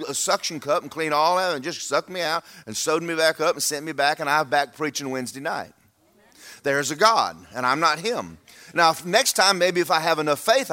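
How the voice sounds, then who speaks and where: A man's voice: a little high, bright, forceful tone. A man, preaching a sermon to his church in a folksy, humorous, emphatic way. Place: church sanctuary.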